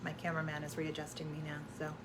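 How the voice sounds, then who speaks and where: A woman's voice: low-pitched, completely flat delivery, quick pace, background noise. A woman spiritual energy coach in casual promotional chat, effusive and affirming, often repeating herself and using uplifting self-help language.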